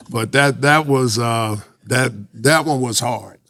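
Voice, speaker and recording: A man in his sixties, a former pro baseball player, telling lively anecdotes in a casual chat and laughing often. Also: mid-range voice, takes it slowly, dry recording, studio quality. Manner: animated anecdotes, laughs often, acts out quotes.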